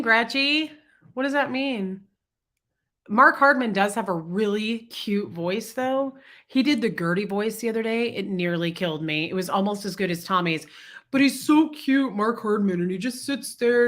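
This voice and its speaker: A woman with a congested, ill-sounding voice runs a casual livestream, going through comments and saying hello to viewers by name. Her tone is bright and forceful, pitched in the middle.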